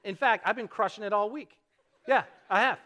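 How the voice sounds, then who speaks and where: A middle-aged man preaching a sermon from the stage of a church sanctuary, with a fairly high voice and a bright, forceful tone. He talks in a relaxed, conversational way, pokes fun at himself and keeps asking the congregation rhetorical questions. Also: normal speed, a little hiss or hum. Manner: conversational, self-deprecating storytelling with rhetorical questions. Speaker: pastor.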